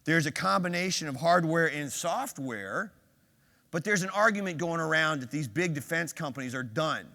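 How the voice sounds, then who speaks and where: Older man giving an energetic conference keynote. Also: on the high side. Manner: energetic, quizzes the audience with quick questions. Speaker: keynote speaker. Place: large conference hall. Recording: hall reverb on a stage mic.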